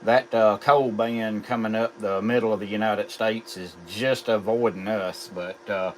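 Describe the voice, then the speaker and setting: A man's voice: fairly low pitch, steady tone, unhurried, slight background noise. A middle-aged man with a Southern drawl from South Carolina, chatting casually as a ham radio operator.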